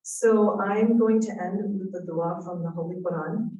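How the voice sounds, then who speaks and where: A woman's voice: mid-range voice, unhurried, warm tone. A woman giving an earnest, reflective talk to a parenting audience, telling stories to make her points. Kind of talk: inspirational talk. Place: event room. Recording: echoey room, voice from a distance.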